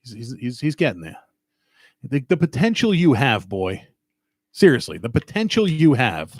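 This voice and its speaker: A man's voice: mid-range voice, wildly swooping pitch, moderate pace, slightly rough, no echo, clean studio sound. A middle-aged man with a New York accent, hosting a podcast in casual banter and teasing with a lot of swearing. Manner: profane, teasing, wisecracking. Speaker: podcast host.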